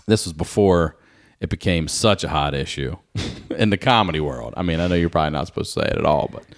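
A comedian telling a profane story on a podcast, acting out the people in it. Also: male voice, low-pitched, expressive, fast. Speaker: comedian guest.

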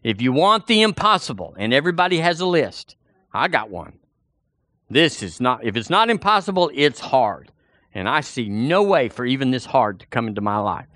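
Animated preacher man. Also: medium pitch, moderate pace, no room sound, clean studio sound. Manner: animated, folksy, repeats himself, addresses the congregation directly. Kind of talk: sermon.

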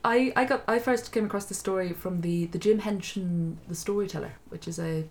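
A woman's voice: mid-range voice, brisk. A woman host, chatty and giggly, casually retelling a fairy tale. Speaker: storyteller host. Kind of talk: casual storytelling.

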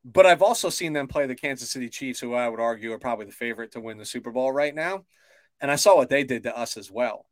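A man co-hosting a casual sports talk show, measured and cautious, with lots of fillers like "right?". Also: mid-range voice, no echo. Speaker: podcast co-host.

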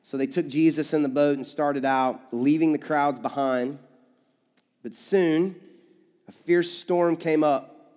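A male pastor with a Kentucky accent preaching a conversational sermon, swinging between emphatic loud stretches and hushed ones. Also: a little high, steady tone, slow pace. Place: church sanctuary. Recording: church hall reverb with soft music.

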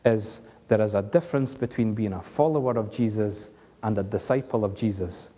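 Man, sermon, husky mellow voice, long hall reverb, dull lo-fi sound. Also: on the low side, normal speed. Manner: conversational, humorous, asks the congregation questions. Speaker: preacher.

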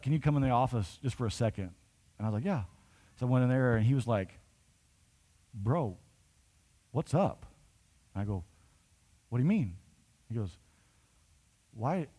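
A man's voice: medium pitch, lively intonation, fairly quick, long pauses, warm tone, slightly rough. A man pastor telling a story in a conversational sermon, building to emphatic points.

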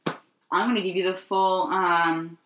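A young woman co-hosting a podcast, telling stories in a casual, animated way, laughing and swearing often. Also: on the low side, takes it slowly, reverberant, a little hiss or hum. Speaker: podcast co-host. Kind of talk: casual chat.

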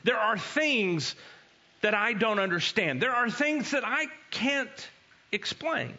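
A male pastor gives a conversational sermon in an animated, storytelling way. His voice is fairly high and bright. The recording sounds dull and lo-fi. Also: slow.

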